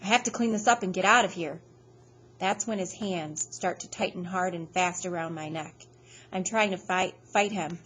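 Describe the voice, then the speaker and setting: A woman reading a first-person novel aloud in a steady, measured storytelling voice. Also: lowish voice, a little hiss or hum, low-quality recording. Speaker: audiobook reader.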